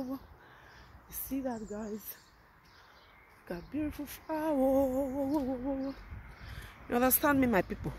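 A woman with a Nigerian Pidgin English accent walks along a road and vlogs into her phone, taunting her rivals in a mocking, repetitive way. Her voice jumps from calm to loud. Clear outdoor noise runs under the whole recording. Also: mid-range voice. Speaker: vlogger. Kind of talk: outdoor gossip vlog.

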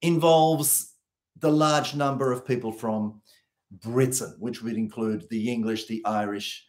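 An Australian man talking in a relaxed conversational way. He tells anecdotes with energy and mimics the people he quotes. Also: mid-range voice, unhurried. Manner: animated storyteller, acts out quoted voices. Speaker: co-host. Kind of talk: casual chat.

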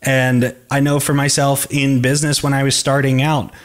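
Man, podcast host, earnest, reflective, thinking aloud, mid pitch. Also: flat delivery, moderate pace. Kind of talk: reflective interview talk.

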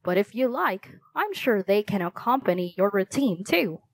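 A woman voicing a bustling, booming male theater manager in a children's storybook, speaking in hurried, commanding bursts. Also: very animated, dry recording.

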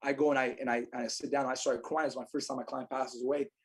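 A man telling stories on a podcast in a fast, emphatic way, with quiet somber moments and loud bursts. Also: mid-range voice, flat delivery, husky. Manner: fast, emphatic, swings between quiet sorrow and loud energy. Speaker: podcast guest, insurance agent. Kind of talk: animated storytelling.

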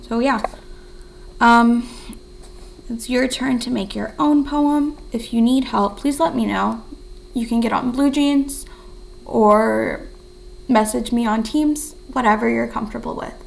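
A young woman teaching a writing lesson from home, her voice slow and unhurried with a strong gravelly fry. She sits a little high for a woman's voice and thinks aloud as she writes, encouraging her students. A faint hiss of background noise runs under her. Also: rough recording. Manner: counts syllables in a soft whisper.

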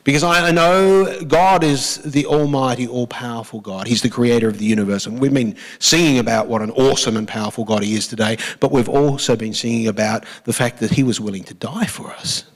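An Australian man preaching a sermon in an ordinary, mid-range voice. He leans hard on key phrases, slows right down to repeat them, and has the congregation say the lines back to him. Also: mid-range voice, rough recording. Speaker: pastor. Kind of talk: church sermon.

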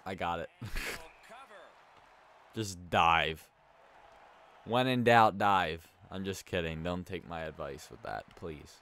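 A man giving casual, chatty commentary over a video game he is playing, rambling between quick reactions to the action. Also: low-pitched, animated, sharp tone. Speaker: let's play host.

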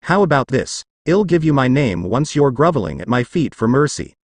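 A man voicing an arrogant, fierce female alien warrior villain in a fan fiction audio story, sneering and shouting. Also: medium pitch, very animated, moderate pace, dry recording.

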